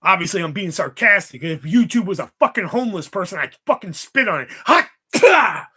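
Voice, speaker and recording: A man's voice: high voice, sing-song, a little fast, bright, forceful tone, breathy edge. A man hosting a livestream, chatting casually about movies in a rambling, sarcastic way full of swearing. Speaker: livestream host.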